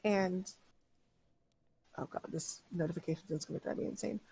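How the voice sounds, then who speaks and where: A woman narrating as game master over an online voice chat, chatty and halting with many fillers. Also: on the low side, gravelly, mellow, slight background noise.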